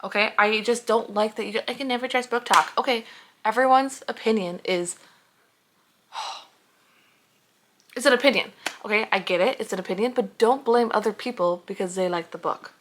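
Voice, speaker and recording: A woman's voice: medium pitch, moderate pace, pauses often, a little hiss or hum. A young woman reviewing books in a casual vlog, heated and sarcastic, swearing freely as she reacts. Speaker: book reviewer.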